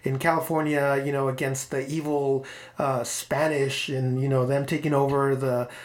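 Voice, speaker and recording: A man's voice: medium pitch, level tone, normal speed. A man co-hosting a casual podcast, rambling about old films, repeating words and laughing often. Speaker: podcast co-host. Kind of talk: casual chat.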